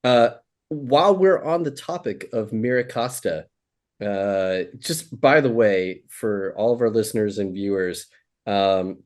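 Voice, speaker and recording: A man's voice: lowish voice, a little mellow. A man hosting a casual interview over drinks, friendly and hesitant, with many uhs and restarts. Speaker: podcast host.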